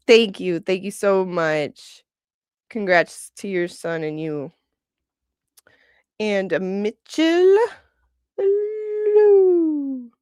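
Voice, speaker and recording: A woman's voice: mid-range voice, clean tone, no echo, clean studio sound. A woman in her forties hosting a casual livestream, rambling, chuckling often and reading out viewer comments. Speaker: livestream host.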